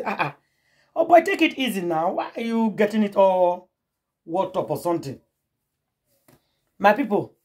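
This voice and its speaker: A Nigerian woman with a husky, breathy voice, spinning celebrity gossip for her vlog. Her delivery is dramatic, with quick put-on voices for each person in the story and frequent asides to her audience. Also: mid-range voice. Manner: dramatic, acts out the quoted voices, calls on the audience directly.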